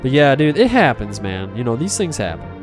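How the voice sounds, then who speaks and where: A man chatting through a relaxed game livestream, rambling and joking as he spins tall tales and answers viewers. His voice sits at an ordinary middle pitch. Retro game music plays clearly behind him. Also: fairly quick. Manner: rambling, joking, tells tall tales, reads chat aloud. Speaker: streamer. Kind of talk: casual livestream chat while playing.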